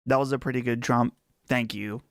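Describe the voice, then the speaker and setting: A livestream host with a Western Pennsylvania accent talks at normal speed in a steady, mid-range voice on a close mic with no echo. His casual live chat is chatty and rambling.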